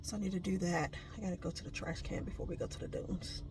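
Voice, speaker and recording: A woman's voice: fairly low pitch, steady tone, quick pace, noisy background. A woman chatting casually to camera as she vlogs her van life outdoors, talking to herself and laughing at herself. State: out of breath while hiking. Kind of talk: casual vlog chat to camera. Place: outdoors, desert campground and sand dunes.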